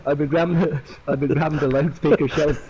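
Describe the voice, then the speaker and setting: A man's voice: fairly high pitch, steady tone, quick pace, a loud crowd, low-quality recording. A man co-hosting a casual livestream, cracking jokes and slipping into silly voices for his stories. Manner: joking, acting out silly voices mid-story. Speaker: co-host.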